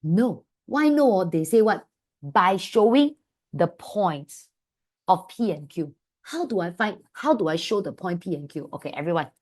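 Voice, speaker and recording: A woman with a Malaysian English accent teaching an online maths class, calling her students "my dear" and asking them quick questions. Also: fairly low pitch. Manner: affectionate, calls students "my dear"; lively, asks many quick questions. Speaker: maths tutor.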